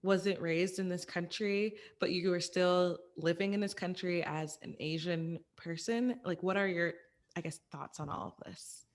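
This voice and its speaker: A woman's voice: lowish voice, measured pace. A woman hosting a casual podcast interview, asking thoughtful questions and sometimes searching for words. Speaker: podcast host.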